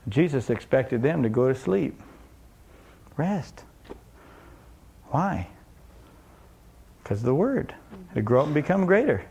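A man preaching in a loose, conversational way, stopping often to ask his listeners rhetorical questions. His voice sits a little high and has a gravelly rasp. He acts out small scenes as he goes. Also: sing-song, takes it slowly, long pauses, a little mellow. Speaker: pastor. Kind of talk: sermon.

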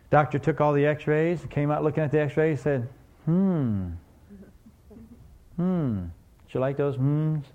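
A man with a gravelly voice preaching a sermon. He tells the story casually and keeps asking the congregation questions. The recording sounds a little dull and lo-fi. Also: medium pitch, a little mellow. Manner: conversational, asks the congregation questions.

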